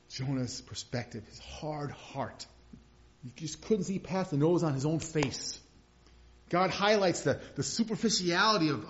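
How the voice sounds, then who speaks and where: A pastor with a high-pitched, fairly bright voice preaches a conversational sermon, chuckling now and then and rising into emphatic bursts. The recording has a dull lo-fi sound.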